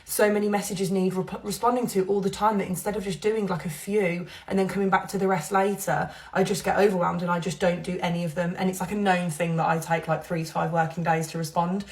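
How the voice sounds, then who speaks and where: A woman's voice: fairly low pitch, level tone, fairly quick, hardly any pauses. A young woman chatting candidly while doing her makeup, rambling openly about her feelings and laughing between thoughts. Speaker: social media creator. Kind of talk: confessional get-ready-with-me chat.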